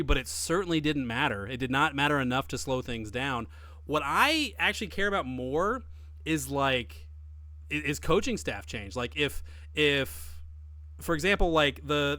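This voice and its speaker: A man co-hosting a podcast in casual chat, talking emphatically with lively swings in his voice. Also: no echo. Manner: emphatic, animated, with big swings in pitch. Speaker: podcast co-host.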